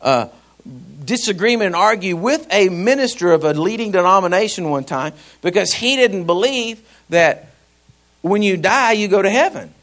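A male pastor, telling a personal story in a sermon, laughing and animated. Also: sits high, normal speed.

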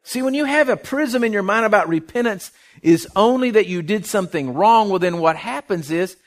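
A man preaching a sermon, impassioned, rising loud then dropping soft, often restarting his words. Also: high-pitched, expressive, normal speed.

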